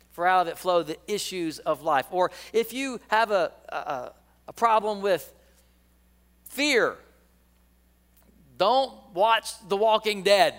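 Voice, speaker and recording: High, smooth-voiced middle-aged man preaching. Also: a bit bright, big-room sound. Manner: folksy and joking, calls the congregation to repeat lines. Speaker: pastor. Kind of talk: sermon.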